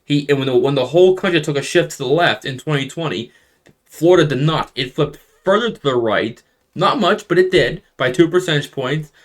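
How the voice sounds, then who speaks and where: A man's voice: on the high side, animated, fairly quick. A young man talking casually through election results on a map, often restarting his sentences and stressing surprises with rising emphasis. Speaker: political commentator.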